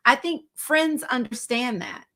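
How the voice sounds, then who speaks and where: Bright measured woman podcaster. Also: high-pitched. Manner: measured, reassuring, reflective. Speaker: podcast co-host, former news anchor. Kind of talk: casual chat.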